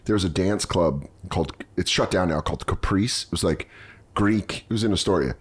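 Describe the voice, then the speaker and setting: Male podcast host, lowish voice, casual comic banter, profane. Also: a little fast, husky. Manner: loose, profane, jumps into funny voices. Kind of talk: casual comedic chat.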